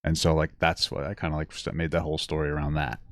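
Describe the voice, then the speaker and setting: A man co-hosting a casual podcast, talking softly and affectionately and laughing often. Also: extremely low pitch, level tone, quick pace, dry recording, clean studio sound. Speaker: podcast co-host. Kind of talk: casual chat.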